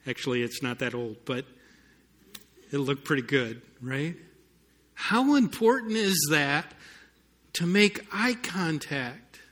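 Male preacher, slow and deliberate, slightly high and bright voice, storytelling sermon with emphatic peaks. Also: expressive. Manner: storytelling, rising to emphatic peaks, some sarcasm. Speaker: pastor.

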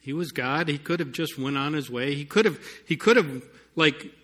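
A man's voice: on the high side, normal speed, fairly bright tone. A man preaching a sermon to a congregation, telling a story and building to emphatic points, with touches of sarcasm. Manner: storytelling, rising to emphatic peaks, some sarcasm. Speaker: pastor.

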